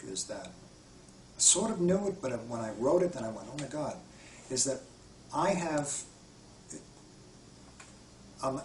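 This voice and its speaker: In this interview, the spiritual healer and retreat guide shares heartfelt stories with real earnestness, often starting sentences over. His mid-range voice has a darkish tone, and a little hiss or hum accompanies the distant, echoey recording.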